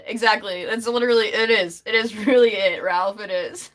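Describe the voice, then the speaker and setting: A woman's voice: medium pitch, moderate pace. Chatty young woman hosting a livestream. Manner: chatty, laughing often, reading chat aloud. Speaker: livestream host. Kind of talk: casual livestream chat.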